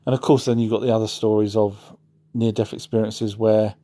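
A man's voice: lowish voice, little pitch movement, brisk, dark tone. A man hosting a casual livestream, answering chat in a rambling way and often correcting himself. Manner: rambling, self-correcting, apologetic asides.

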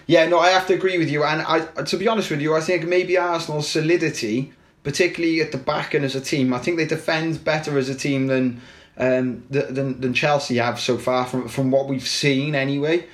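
A man's voice: on the high side, fairly even intonation, brisk. A man from Wales, co-hosting a casual football podcast, opinionated and chatty with many fillers and restarts. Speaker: podcast co-host.

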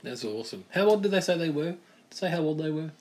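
A man co-hosting a podcast, chatting casually and reading weird news headlines aloud in a deadpan way. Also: fairly high pitch, fast. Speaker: podcast co-host.

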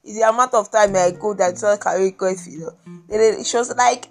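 A Nigerian woman hosting a podcast, telling a personal story in a casual, animated and exasperated way, repeating herself for emphasis. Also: mid-range voice, moderate pace, faint music behind. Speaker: podcast host.

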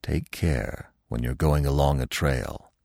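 Guy doing a wise old stag, super low hushed voice, stern but gentle, slow. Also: gravelly, dry recording, clean studio sound, exaggerated voice. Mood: grave warning. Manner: gentle, stern commanding murmur. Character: wise old male stag, grave and protective.

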